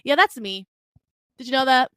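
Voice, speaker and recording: A woman's voice: high-pitched, normal speed, sharp tone, smooth, no echo. Brash, profane young woman podcaster. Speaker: podcast host. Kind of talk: casual solo podcast rambling. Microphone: desk mic on a video stream.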